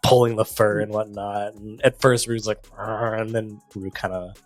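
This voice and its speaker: A man runs a tabletop game in a relaxed, rambling voice, heavy with fillers. His voice sits low, recorded dry and close on a podcast mic. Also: moderate pace, no room sound, soft background music. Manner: loose, filler-heavy narration. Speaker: game master.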